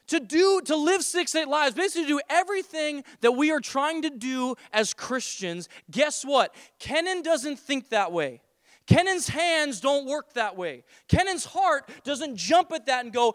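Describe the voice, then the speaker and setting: Pastor, male, high clear voice, lively storyteller who acts out the dialogue. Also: moderate pace, dry recording, studio quality. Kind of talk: sermon with personal story.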